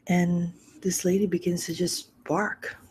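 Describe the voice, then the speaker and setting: A middle-aged woman hosting a podcast, telling a personal story candidly and emotionally, often sinking to a soft, breathy near-whisper. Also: on the low side, flat delivery, measured pace, a little hiss or hum, low-quality recording. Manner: repeats phrases for emphasis, swears freely. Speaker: podcast host.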